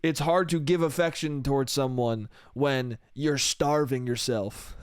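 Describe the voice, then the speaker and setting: Profane, rambling comedian with a clear voice. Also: male voice, a little high, very animated, slow, no room sound, clean studio sound. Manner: profane, rambling, self-mocking. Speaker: podcast host and comedian. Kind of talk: casual comedic monologue.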